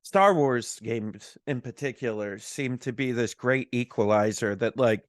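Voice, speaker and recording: A man's voice: medium pitch, a little slow, no room sound, clean studio sound. A man in his forties co-hosting a podcast in casual chat, telling stories animatedly and laughing often. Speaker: podcast co-host.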